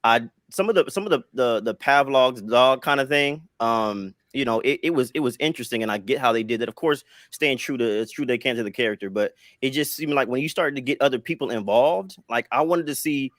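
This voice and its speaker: A man on a casual podcast panel, explaining his film rankings in a halting way, repeating words and leaning on fillers. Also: mid-range voice, fairly bright tone, no echo, clean studio sound.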